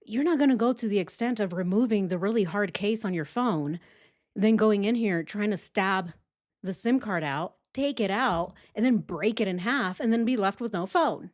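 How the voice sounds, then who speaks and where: A woman hosting a true crime channel, talking through a case in casual livestream commentary, animated and chatty with quick laughs and casual swearing. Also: medium pitch.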